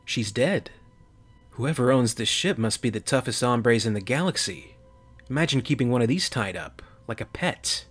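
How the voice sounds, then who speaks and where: A man voicing a brash young male marine private, loud and eager. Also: medium pitch, moderate pace, husky, soft background music. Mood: joking. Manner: excited, cocky, then screaming in panic.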